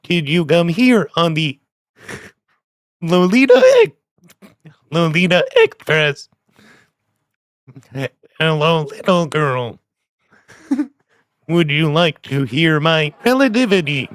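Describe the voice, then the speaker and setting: A man putting on a creepy old man with a flat, robotic, synthesized-sounding delivery, as a comedic impression. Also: fairly high pitch, slow, long pauses, no room sound, clean studio sound. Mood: leering.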